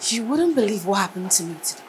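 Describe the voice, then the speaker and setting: An actress playing a young woman recounting an odd encounter, in an animated, storytelling manner. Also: mid-range voice, fast talker, background noise, close to an everyday voice. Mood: puzzled. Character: young woman mistaken for a child's late mother. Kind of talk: film acting.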